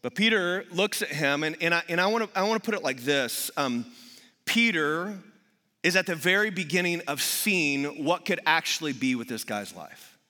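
Guy preaching in a big church, lots of energy and jokes, bright punchy voice, long hall echo. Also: fairly high pitch, moderate pace. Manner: energetic storytelling with acted quotes and humor. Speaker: pastor. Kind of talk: sermon.

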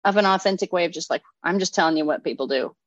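A woman's voice: on the low side, very fast, no echo. Chatty middle-aged woman on a dull line. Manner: chatty animated storyteller, many fillers and asides. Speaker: guest artist and oracle deck creator. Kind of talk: casual conversational interview.

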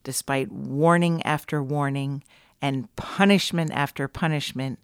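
Low, smooth-voiced woman host. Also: fairly even intonation, unhurried, no room sound, clean studio sound. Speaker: podcast host. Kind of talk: scripted narration.

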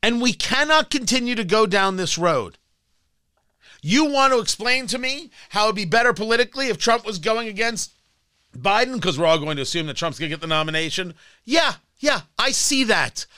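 Radio host guy ranting, high lively voice, bright edge, dry studio mic. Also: moderate pace, no room sound. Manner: combative, sarcastic ranting. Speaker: radio talk show host. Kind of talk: political talk radio monologue. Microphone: studio microphone.

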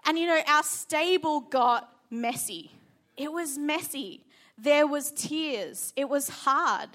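A woman's voice: high-pitched, slow, a bit bright. Earnest Australian woman preaching a sermon. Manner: earnest personal storytelling, emphatic.

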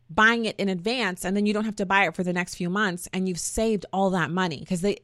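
A woman's voice: mid-range voice, fairly bright tone, no echo, studio quality. A woman hosting her own talk show, chatty and folksy, often wandering off on tangents. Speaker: podcast host. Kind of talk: casual opinion talk.

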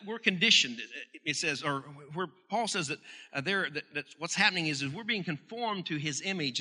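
A male pastor delivers a sermon with a bright, ringing voice that sits a little high for a man. He drives each question upward with emphasis and often restarts his phrases as he goes. The sound carries the long reverb of a large church hall.

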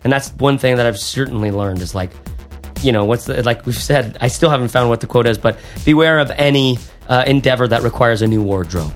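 A man's voice: medium pitch, a little fast, soft background music. A man co-hosting a podcast, chatting casually and rambling with lots of fillers and restarts. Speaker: podcast co-host. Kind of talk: casual podcast chat and outro.

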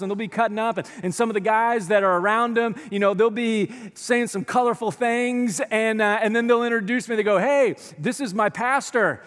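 A man preaching a sermon as a pastor, telling the story in an animated way and acting out what people say, with sighs. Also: high voice. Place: church auditorium. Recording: long reverb of a large hall.

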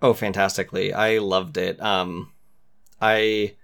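A man with a somewhat low voice chats earnestly about a story game. He often drops to a soft murmur as he recalls details. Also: little pitch movement, slow pace, gravelly. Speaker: podcast co-host. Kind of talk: casual chat.

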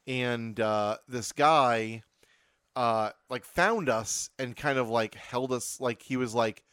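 A man's voice: mid-range voice, measured pace, fairly bright tone, no echo, clean studio sound. Rambling male podcast co-host. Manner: rambling storyteller, many fillers. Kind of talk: casual chat.

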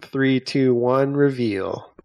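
A man's voice: mid-range voice, slow pace, a little mellow, no echo. A man hosting a casual podcast, reading out trivia questions and wandering off into rambling tangents. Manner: rambling, tangent-prone storyteller. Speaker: podcast host running trivia. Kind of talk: casual chat.

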